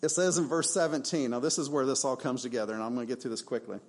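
A man's voice: mid-range voice, fairly even intonation, fast talker. A male pastor preaching a sermon in a church, emphatic and conversational, with rhetorical questions.

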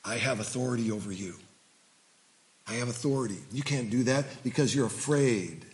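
A man voicing fear personified as a quietly menacing, whispering figure during a sermon, in a low, hushed, threatening delivery. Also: normal speed, close to an everyday voice.

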